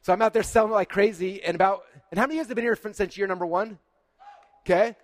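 Fast-talking animated male keynote speaker. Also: high-pitched, dry recording. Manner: animated, acts out dialogue, frequent "like". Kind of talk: storytelling keynote. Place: conference stage.

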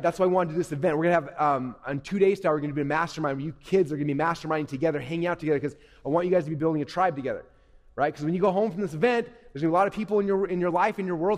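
A man giving an energetic, conversational motivational talk to young people from a stage. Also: on the high side. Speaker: motivational speaker. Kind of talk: live motivational talk to youth. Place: stage at a live event. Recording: echoey hall.

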